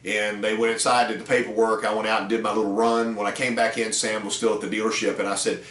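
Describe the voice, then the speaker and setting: A middle-aged man speaks in a low voice, talking to salespeople in a casual, rambling way with plenty of fillers. He sounds distant from the mic, and his voice carries a roomy echo. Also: little pitch movement, fast talker, few pauses, fairly bright tone. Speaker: car sales trainer. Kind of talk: storytelling talk to salespeople.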